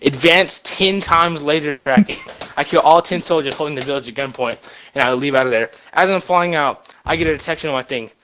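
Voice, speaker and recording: A young man retelling a movie plot as a rambling comic story, excited and short of breath, with sudden loud bursts. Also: fairly high pitch, fairly quick, slight background noise, rough recording.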